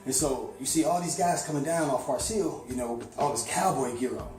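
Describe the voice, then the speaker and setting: A man from St. Louis telling a long, rambling story in a casual, animated way, with lots of "you know.". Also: medium pitch, brisk, roomy sound, soft background music. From St. Louis, USA.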